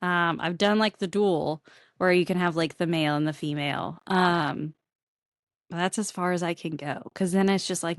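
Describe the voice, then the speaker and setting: A woman's voice: lowish voice, normal speed, dry recording, studio quality. A woman who runs a bookstore, chatting on a podcast as a guest and laughing often. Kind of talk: casual podcast chat.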